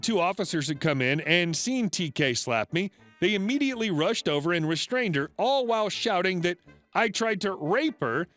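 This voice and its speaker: A man narrating internet stories in a wry, expressive scripted read. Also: high voice, moderate pace. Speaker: story narrator. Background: faint music.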